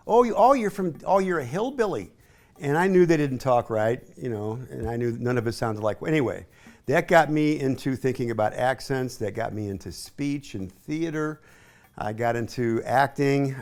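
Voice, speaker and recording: Gravelly older man, folksy and chatty. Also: mid-range voice, darkish tone. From East Tennessee. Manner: chatty, rambling, folksy asides. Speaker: hi-fi sales associate. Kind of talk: casual home tour chat. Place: his home, indoors.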